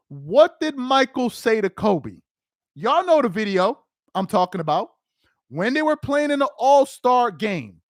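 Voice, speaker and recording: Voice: medium pitch, no room sound, clean studio sound. A livestream host giving live reaction commentary, emphatic and repeating phrases for effect.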